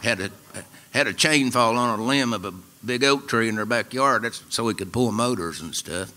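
Older man, East Tennessee drawl, folksy wry storytelling, bright voice, middle pitch. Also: moderate pace. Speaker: storyteller and musician. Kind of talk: live storytelling to an audience. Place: radio studio with live audience.

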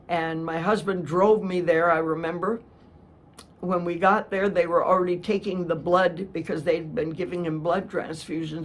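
Slow-paced earnest woman preacher. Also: fairly low pitch, husky. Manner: earnest, restarts words often. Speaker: missionary preacher. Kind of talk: sermon storytelling.

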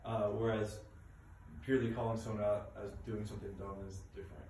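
A man from the congregation makes a quick, halting comment, with fillers between his words. His voice is lowish. He sits far from the microphone in a strongly echoing room, over a faint hum. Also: little pitch movement, darkish tone. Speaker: congregation member. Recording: very echoey room, far from the mic.

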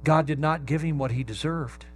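Male pastor, emphatic sermon delivery, slightly higher-pitched voice. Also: faint music behind. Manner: emphatic preaching, stresses key words slowly.

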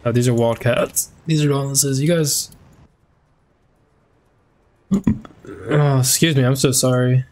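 A male streamer talks over his game in loose, slangy chatter. He swears here and there. His voice sits at a middle pitch. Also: fairly even intonation, takes it slowly, long pauses, darkish tone. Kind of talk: gaming commentary.

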